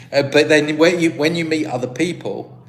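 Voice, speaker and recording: A British man hosting a livestream, chatting casually and answering viewer comments in a rambling, self-deprecating way. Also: on the high side. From Britain. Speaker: livestream host. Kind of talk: casual live-stream chat, reading viewer comments.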